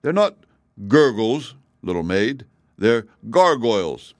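A man voicing a gruff old male cab horse in an audiobook reading. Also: fairly low pitch, lively intonation, unhurried, dry recording, clean studio sound. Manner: gruff, chuckling.

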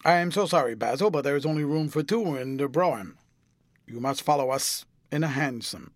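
In an audiobook, a male narrator lightly acts the part of a languid, witty gentleman of leisure who tosses off cynical epigrams in an airy, amused drawl. The voice sits a little high with lively intonation and a fairly quick pace. It's recorded close and dry, with no room sound or echo, and the mood is lively.

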